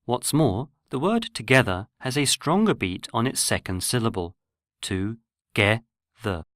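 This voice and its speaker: A man giving scripted, measured narration for a pronunciation lesson. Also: mid-range voice, very animated, fairly bright tone, dry recording, clean studio sound. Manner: measured, explanatory. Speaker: language course narrator.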